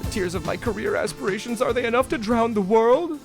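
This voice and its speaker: Brief: a man playing a weepy, melodramatic murderer-popstar, high and sobbing, louder than his own voice. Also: fairly quick, over music. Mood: self-pitying. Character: weeping self-pitying male killer pop singer. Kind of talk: game character voice while streaming.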